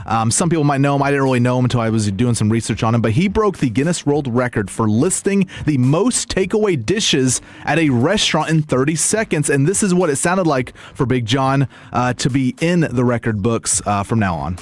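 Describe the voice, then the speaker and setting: A man's voice: medium pitch, expressive, a little fast, hardly any pauses. Chatty male radio show host. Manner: conversational, laughs often, reads stories. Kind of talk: casual radio banter.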